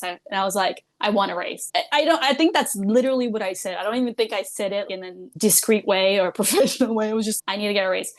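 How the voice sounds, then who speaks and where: A loud, giggly woman telling frank stories as a podcast guest. She laughs easily and speaks bluntly, with casual swearing. She sounds like a working dental hygienist opening up in conversation. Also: medium pitch. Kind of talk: candid storytelling in a podcast interview.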